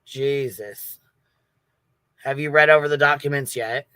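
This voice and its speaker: A man's voice: mid-range voice, steady tone, measured pace, pushed and bright, clean tone, dry recording. A man hosting a livestream, talking bluntly in casual commentary and swearing constantly. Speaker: livestream host.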